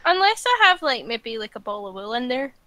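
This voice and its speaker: Bright-voiced young woman playing a tabletop game. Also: a little high, sing-song, fairly quick, dry recording, poor audio. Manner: hesitant, many fillers and laughs. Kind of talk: casual play, describing her character.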